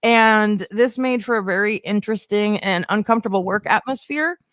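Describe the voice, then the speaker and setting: A woman's voice: mid-range voice, moderate pace, dry recording. A young woman doing a stand-up set, telling a rambling story and acting out the people she quotes. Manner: rambling, animated, acts out quoted voices. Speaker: stand-up comedian.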